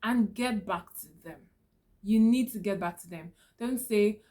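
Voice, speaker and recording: A woman of middle pitch speaks straight to the viewer in a calm, instructive tone. She hosts her own advice channel and checks in often with a rhetorical "okay?". Her delivery stays even and reassuring. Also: normal speed. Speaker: channel host giving business tips. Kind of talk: direct-to-camera advice talk.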